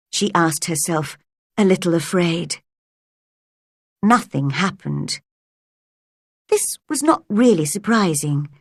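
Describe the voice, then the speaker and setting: A woman reads a graded storybook aloud at an unhurried pace, her voice rising and falling expressively. A faint huskiness colours her tone. The recording is dry and close. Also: fairly low pitch, no room sound. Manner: slow, clear, expressive reading. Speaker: reader. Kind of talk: slow storybook narration for learners.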